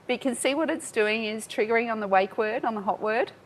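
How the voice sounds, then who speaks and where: A woman giving a live software demo at a tech talk, chatty and self-mocking, laughing often. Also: a little high, fast talker, a little hiss or hum. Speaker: tech speaker.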